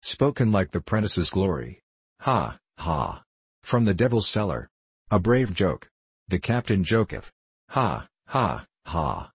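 Guy reading as a blind cellar host, oily flattery, low husky drawl. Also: takes it slowly, no room sound, exaggerated voice. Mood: sly mocking. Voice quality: flattering, mock-grand speech. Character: blind male cellar host, fawning and sly. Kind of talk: audiobook character reading.

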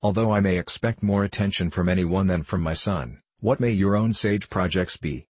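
A man's voice: deep voice, normal speed, a little mellow, slightly rough, no room sound. A man reading aloud as a stern, proud older merchant father who speaks curtly and commandingly. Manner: curt and commanding.

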